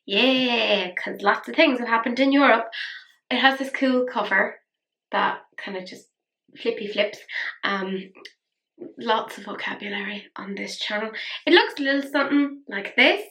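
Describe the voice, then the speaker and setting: A young woman reviewing makeup in a casual, rambling, self-mocking way, a little breathless and quick to gasp with excitement. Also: fairly high pitch. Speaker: beauty vlogger.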